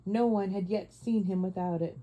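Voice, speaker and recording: Woman reading a story, very mellow voice. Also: mid-range voice, rough recording. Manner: measured, expressive storytelling. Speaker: audiobook narrator. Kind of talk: audiobook reading.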